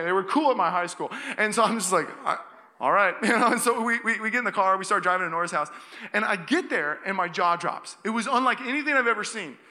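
A young man preaching a sermon, telling a personal story in an animated way with quick asides and restarts. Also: a little high. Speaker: pastor. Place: church auditorium. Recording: long reverb of a church hall.

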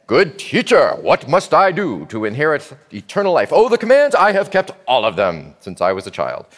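Man as a rich young man, earnest, self-satisfied, lively pitch, reverb. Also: normal speed. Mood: self-assured.

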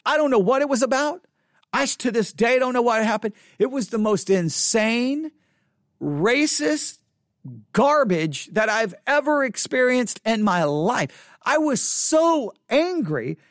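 A pastor preaching, who tells a story with animated emphasis and rises to indignant conviction. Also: medium pitch, unhurried, dry recording, clean studio sound. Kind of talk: sermon.

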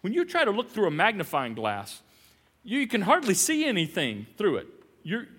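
Animated high-voiced preacher in a hall. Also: male voice, normal speed, husky. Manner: animated, dramatic swings from loud to hushed; playful, jokey asides. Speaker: pastor. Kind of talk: sermon.

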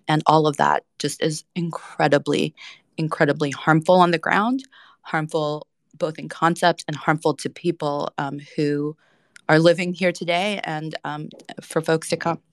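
Earnest gravelly woman lawyer. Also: deep voice, no echo, studio quality. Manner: earnest, many fillers. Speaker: lawyer and litigator. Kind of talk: panel discussion.

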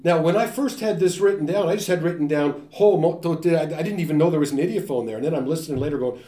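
A man giving a linguistics talk, animated and joking, often imitating sounds and voices. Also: fairly high pitch, very fast. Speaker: linguistics lecturer. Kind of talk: academic talk. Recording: echoey room.

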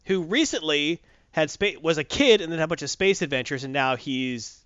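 A man's voice: fairly high pitch, lively intonation, normal speed, fairly bright tone, clear, resonant tone, no room sound. Guy rambling on a podcast, keeps correcting himself, kinda dull dry audio. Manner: rambling, self-correcting, enthusiastic. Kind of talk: casual chat.

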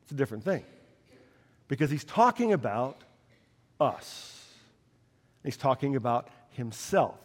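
A man preaching a sermon as pastor, slow and emphatic with dramatic pauses. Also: medium pitch, very animated, big-room sound.

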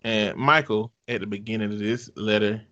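A man's voice: on the low side, fairly even intonation, normal speed, pushed and bright, lo-fi sound. A man hosting a podcast in casual chat, laid-back and joking, often laughing. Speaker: podcast host.

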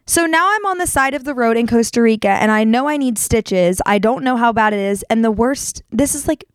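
A young woman hosting a show, telling a personal story in a casual, animated way and leaping up in pitch when she acts out what people said. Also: a little fast, smooth, no echo. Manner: animated, jumps to high pitch acting out quotes. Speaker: podcast host.

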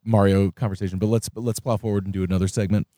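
A man co-hosting a podcast in casual chat, asking lively questions and laughing often. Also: fairly low pitch, racing, no echo, studio quality. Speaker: podcast co-host.

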